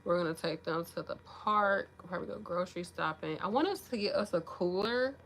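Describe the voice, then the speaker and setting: Bright, frank woman talking like a big sister. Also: lowish voice, lively intonation, a little fast, a little hiss or hum. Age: 30s. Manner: frank, profane, big-sister tone with slangy asides. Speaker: nurse vlogger. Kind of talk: casual motivational vlog talk.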